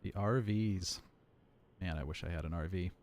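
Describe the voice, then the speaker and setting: Late-30s guy with a gravelly low voice, rambling about controller phrasing. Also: normal speed, a little mellow. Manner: chatty, explains with repeated examples, self-mocking. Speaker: streamer and air traffic controller. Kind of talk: casual live-stream chat.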